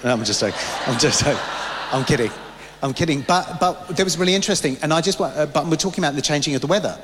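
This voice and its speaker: A man's voice: fairly high pitch, animated, fast, background noise. A man preaching a sermon, fervent and anecdotal, often restarting his sentences. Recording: long hall reverb.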